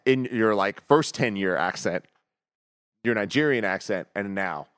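Laid-back low-voiced male co-host. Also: unhurried, clear, resonant tone, dry recording, clean studio sound. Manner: relaxed, lots of fillers. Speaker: podcast co-host. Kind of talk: casual gaming news chat.

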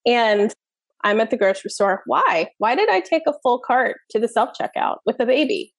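Animated fairly high-voiced woman, dry sound. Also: normal speed, no room sound. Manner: animated storytelling, many fillers. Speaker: parenting expert guest. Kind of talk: casual podcast conversation.

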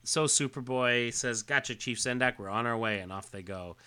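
A man's voice: medium pitch, moderate pace, clear, resonant tone. A man co-hosting a casual podcast, reading comic dialogue aloud with frequent hesitations. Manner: relaxed, hesitant with fillers, reads quotes plainly. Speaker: podcast co-host.

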